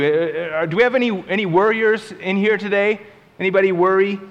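A man with a fairly high voice delivers a relaxed, conversational sermon, unpacking scripture and slipping into acted-out asides. His words ring with the long reverb of a large hall. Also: quick pace, highs cut off. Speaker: preacher.

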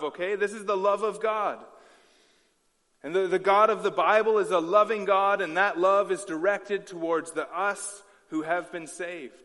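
Male pastor, slightly high voice, earnest sermon delivery with restarts, reverberant hall. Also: a bit bright. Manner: earnest, repeats himself with frequent restarts.

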